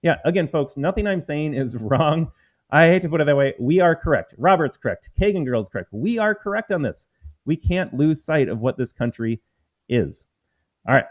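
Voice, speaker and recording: Addressing his viewers as "folks," this U.S. political commentator argues forcefully and combatively on a live stream. His voice is on the high side and animated, at a moderate pace, over slightly dull lo-fi audio.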